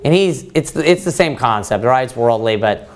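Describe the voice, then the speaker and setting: A man preacher giving a verse-by-verse sermon, animated and conversational, often restarting his sentences. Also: mid-range voice, moderate pace. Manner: animated, with frequent restarts and rising emphasis.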